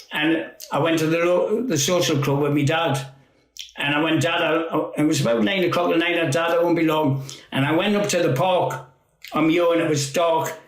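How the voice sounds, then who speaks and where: Rambling man in an echoey room. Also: a little high. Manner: rambling, laughing, swears freely. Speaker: guest. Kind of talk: casual storytelling chat.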